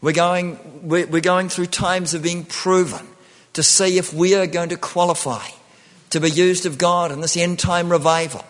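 A man's voice: high voice, fairly even intonation, normal speed, a bit bright, in a large hall. A man preaching a sermon, often repeating himself and restarting phrases.

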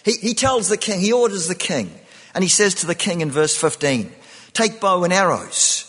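A man's voice: high-pitched, big pitch swings, brisk, husky, long reverb tail. A man preaching a sermon, often repeating himself and restarting phrases.

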